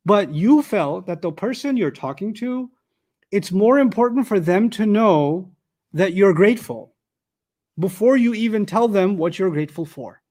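Man, high voice, live classroom lecture, step-by-step explaining, rhetorical questions, joking asides. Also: lively intonation, a little slow, a little mellow. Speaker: teacher.

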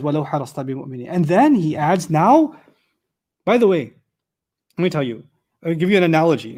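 A man giving an animated, conversational Quran commentary lesson, his voice climbing sharply when he drives a point home. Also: fairly high pitch. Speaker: Quran teacher.

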